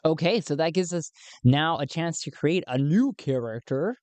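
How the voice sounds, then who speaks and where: A woman's voice: sits low, lively intonation, moderate pace, a little mellow, dry recording. A woman narrating a solo tabletop game, thinking aloud as she rolls dice.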